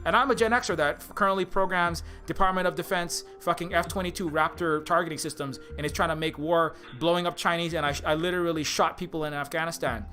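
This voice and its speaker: An indie game developer ranting in a rambling, profane, sarcastic video commentary. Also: male voice, on the high side, fairly even intonation, fast, few pauses, bright, forceful tone, faint music behind.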